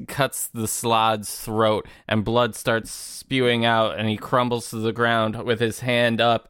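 A man playing a tabletop game, describing his character's actions with animated storytelling. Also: mid-range voice, clean tone, no room sound, studio quality. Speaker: tabletop player.

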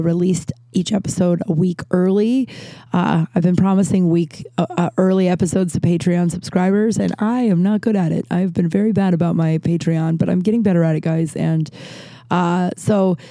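A woman's voice: lowish voice, fairly even intonation, normal speed, dark tone, dry recording. A woman hosting a solo podcast from her closet, rambling candidly and swearing freely. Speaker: podcast host. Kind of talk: casual solo podcast chat. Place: small closet.

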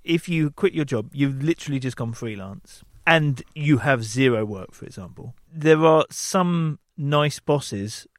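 A man's voice: mid-range voice, animated, a little slow, few pauses, no echo, studio quality. A man co-hosting a podcast in a chatty, jokey way. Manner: chatty, jokey, with playful put-on voices. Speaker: podcast co-host. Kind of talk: casual podcast chat.

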